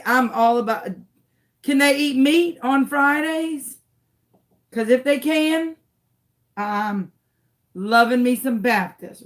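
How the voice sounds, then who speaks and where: A woman telling a story to camera in a dramatic, exasperated way. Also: high voice. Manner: dramatic, exasperated, swings into shrieks. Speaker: crafting channel host.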